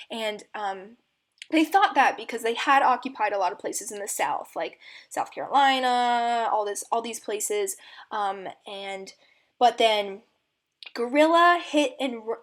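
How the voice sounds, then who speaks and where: A woman's voice: fairly high pitch, a bit bright. A young woman giving a casual history explainer as a student presenter, chatty and filler-heavy with frequent ums and likes, and giggly asides.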